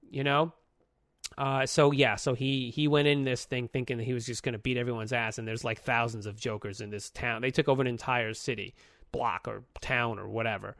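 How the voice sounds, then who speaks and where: Animated, profane man on a dry mic. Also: no room sound. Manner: animated, profane retelling with quick pitch jumps. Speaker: podcast co-host. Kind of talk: casual podcast chat.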